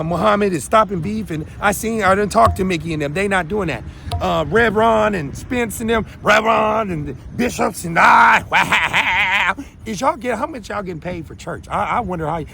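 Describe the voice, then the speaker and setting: A man from Minnesota hosting his own show, ranting to viewers in a rambling, emphatic way that swings between loud and quiet. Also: high voice, slight background noise. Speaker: show host. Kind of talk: unscripted rant to viewers.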